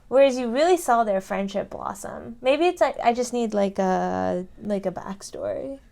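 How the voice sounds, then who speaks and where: A woman's voice: mid-range voice, measured pace, gravelly, dark tone, slight background noise. A woman co-hosting a casual rewatch podcast, giggly and enthusiastic, full of likes and fillers. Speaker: podcast co-host.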